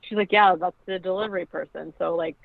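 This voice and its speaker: A woman's voice: lowish voice, steady tone, fairly quick, vocal fry, dry recording. A woman casually recapping a film as a podcast co-host, chatty and full of "like", acting out the quoted lines. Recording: tinny phone-like line, dry.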